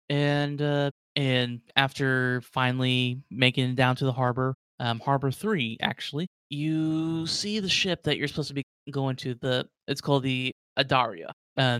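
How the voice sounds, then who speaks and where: A man's voice: mid-range voice, a bit bright, clean tone, no echo, clean studio sound. A man running a tabletop game as game master, narrating in a rambling way with many fillers.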